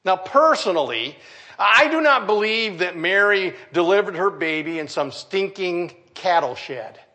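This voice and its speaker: Older man, pastor, church sermon, unhurried delivery, light asides. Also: high-pitched, animated, bright, forceful tone. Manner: folksy preaching with jokes and asides to the congregation.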